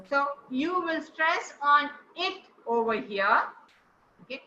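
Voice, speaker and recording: Woman coaching speech, high voice, unhurried, keeps saying well done, kinda echoey dull recording. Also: expressive, sharp tone, slight background noise. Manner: encouraging, praises students often. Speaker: speech trainer. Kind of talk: teaching a session on intonation. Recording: roomy, dull-sounding recording.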